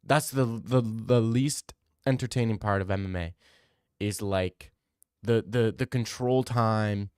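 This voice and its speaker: A man's voice: lowish voice, slow pace, a little mellow, clear, resonant tone, dry recording, clean studio sound. A young man streaming, chatting casually as he reads his live chat, rambling and opinionated, repeating himself.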